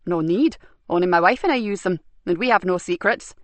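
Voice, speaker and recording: A woman's voice: lowish voice, brisk, no room sound, close to an everyday voice. A woman voicing a mild, absent-minded middle-aged man who designs websites, open and matter-of-fact. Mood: calm.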